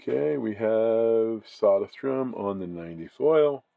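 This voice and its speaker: A man's voice: lowish voice, animated, unhurried, vocal fry, dry recording, narrow, tinny audio. A man casually chatting as he opens trading card packs, rambling and often correcting himself. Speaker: card-breaking channel host. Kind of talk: casual chat while opening card packs.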